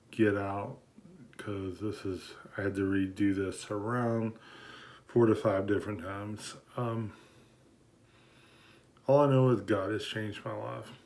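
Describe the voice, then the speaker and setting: A man's voice: on the low side, little pitch movement, measured pace, darkish tone. A man giving a personal testimony to a camera, earnest and emotional, often repeating himself.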